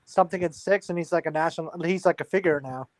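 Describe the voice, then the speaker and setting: A man's voice: fairly high pitch, quick pace. A young man chatting eagerly as a guest on a casual group show. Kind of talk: casual chat.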